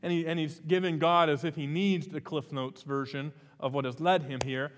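Give me a male pastor preaching a sermon in a casual, conversational manner, full of ums and restarts. His voice sits a bit high for a man. The recording carries the long reverb of a church hall. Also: steady tone, normal speed, slight background noise. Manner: conversational, with many fillers and restarts.

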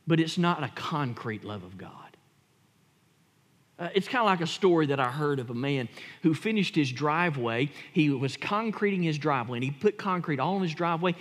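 A male pastor preaching with a notably high voice, moving from emphatic peaks to hushed asides. He tells stories as he preaches, and his voice trails off into a long church reverb. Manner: emphatic, storytelling, swings from loud to hushed. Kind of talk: sermon.

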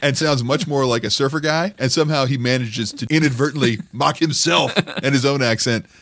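Male comedy podcast host, deadpan, wry, dry close recording. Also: medium pitch, a little fast, no echo. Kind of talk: comedic commentary on clips.

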